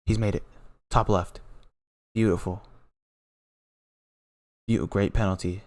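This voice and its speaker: A young man with a fairly low voice talks through a penalty shootout as a casual live watch-along. He stumbles, repeats words, and swings between hyped shouts and hushed awe. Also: unhurried, long pauses. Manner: excitable, repeats himself, trails off into quiet awe. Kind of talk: casual live reaction commentary.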